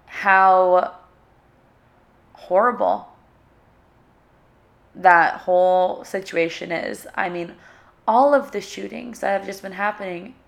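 A young woman hosts her own podcast, speaking alone at a middle pitch. She talks in an emotional, halting way, often stopping to search for the right words. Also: vocal fry. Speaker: podcast host. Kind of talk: solo podcast talk.

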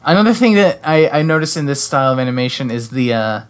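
A man's voice: mid-range voice, very animated, fast, smooth. A man co-hosting a casual chat, hesitant and searching for words, with many "like" and "um". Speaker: podcast co-host discussing a game.

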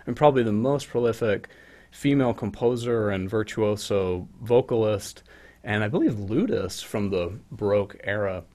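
A man's voice: mid-range voice, darkish tone. A man co-hosting a podcast, chatting casually and telling jokey stories. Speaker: podcast co-host. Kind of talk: casual chat.

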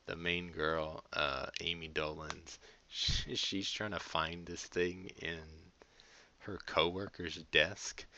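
A man's voice: sits low, pushed and bright. A man hosting a podcast in a casual, rambling monologue, swearing freely and laughing often. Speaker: podcast host.

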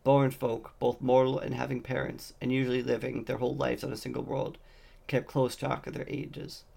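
A man's voice: medium pitch, monotone, moderate pace, gravelly, warm tone. A man reading a fantasy novel aloud, voicing the dialogue lightly in his own voice. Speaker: audiobook reader.

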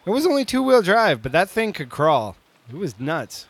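A man in his forties telling a long story casually, animated and laughing often, with lots of filler words. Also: high voice, normal speed.

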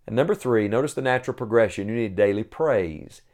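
A man preaching a sermon, earnest and emphatic, slowing down to stress key phrases and reading scripture aloud. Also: on the low side, lively intonation, darkish tone.

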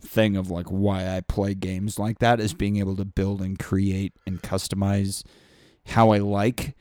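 A man with a lowish voice talks as a podcast guest, eager and rambling, dropping swear words along the way. The recording is dry and close. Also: unhurried, dry recording. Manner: excitable, swears freely, rambling. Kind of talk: casual podcast chat.

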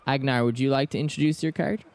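A man's voice: mid-range voice, fairly even intonation, very fast, a little mellow, clean tone. A man narrating a tabletop game as game master and prompting the players.

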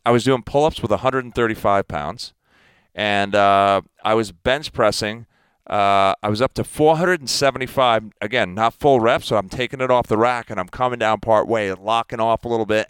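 A man in his fifties, a guest athlete, talking in a casual interview in an emphatic, animated way. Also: fairly low pitch, clear, resonant tone, dry recording. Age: 50s.

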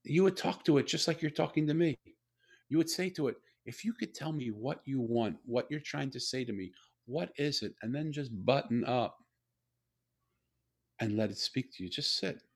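A man with a gravelly, mid-pitched voice talks slowly and earnestly as a guest. He leans on repeated phrases while he tells reflective stories. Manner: slow, earnest, repetitive phrasing. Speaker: guest, storyteller and author. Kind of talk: reflective conversational storytelling.

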